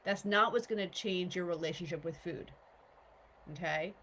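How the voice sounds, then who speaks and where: A woman's voice: fairly low pitch, normal speed, a bit bright, a little hiss or hum, rough recording. A woman coach giving a casual motivational talk to viewers, often stopping to ask "okay?" and "right?".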